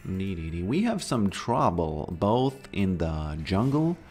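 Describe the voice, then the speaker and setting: A low, slightly mellow man's voice speaks slowly but very animatedly, with faint music behind. The speaker, a Latvian gaming streamer with a Latvian accent, chats casually during play and rambles with lots of fillers.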